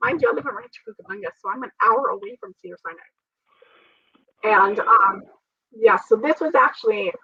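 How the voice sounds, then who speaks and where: With a breathy edge to her medium-pitched voice, a transplant survivor recounts her experience in an interview, speaking with earnest faith and laughing a lot. The distant mic renders her dull and dry, with no echo.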